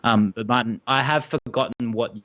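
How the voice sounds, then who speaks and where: A co-founder of a badminton brand, this Australian man talks at a moderate pace in a medium-pitched voice with a touch of brightness. Over a video call in a casual interview, he explains things at length, eagerly and in a wandering way.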